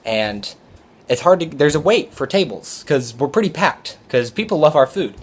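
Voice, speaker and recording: Brief: young male server telling a casual story, rambling, fairly high voice. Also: lively intonation, normal speed, breathy edge. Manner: rambling, with many fillers and restarts.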